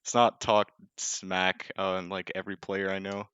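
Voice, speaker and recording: A young man calling a live game in a casual, joking tone, quick to poke fun at himself. His voice sits a little low. The home mic sounds dry and slightly dull. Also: level tone, fairly bright tone, clean tone, no room sound. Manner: casual, joking, self-deprecating, with many fillers. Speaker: esports caster.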